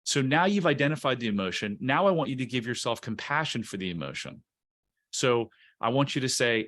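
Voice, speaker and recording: A man's voice: medium pitch, animated, fairly quick, a bit bright. A man on a podcast interview, explaining emotional self-help in an earnest, coaching way, often restarting words. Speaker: guest, coach.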